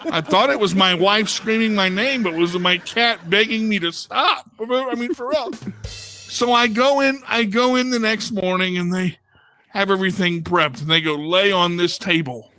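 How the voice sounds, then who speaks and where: Bright, high-pitched man doing stand-up. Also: moderate pace, soft background music, low-quality recording. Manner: animated storyteller who acts out other people's voices. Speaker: stand-up comedian. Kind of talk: stand-up comedy routine. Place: comedy club stage.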